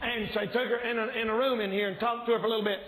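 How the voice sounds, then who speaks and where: High-voiced man preaching with shouts. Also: steady tone, rapid-fire, echoey room, low-quality recording. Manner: yells and shouts when preaching. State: slightly strained voice. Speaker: evangelist preacher. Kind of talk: fervent revival sermon. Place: church sanctuary.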